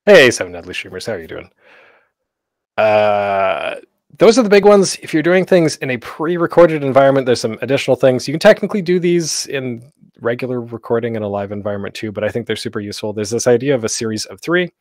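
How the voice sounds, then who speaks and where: A man's voice: medium pitch, expressive, a little fast, no room sound, clean studio sound. A man hosting a convention panel, giving tips in a casual, live-streamed workshop talk full of fillers. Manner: chatty, with many fillers.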